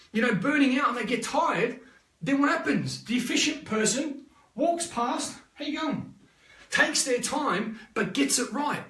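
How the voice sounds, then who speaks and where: A high-pitched Australian man coaching his audience in a live motivational session. He talks energetically and rambles, repeating points and tossing out quick tag questions. His voice sounds distant from the mic in an echoey room. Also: a bit bright. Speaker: life coach.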